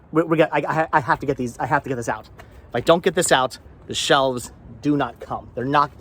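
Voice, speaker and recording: A man's voice: medium pitch, moderate pace, fairly bright tone. A man vlogging outdoors beside his van, rambling and repeating himself as he works, phlegmy with a cough. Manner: rambling, repeats words, self-talk while working. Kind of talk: casual vlog chat. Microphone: camera set down nearby.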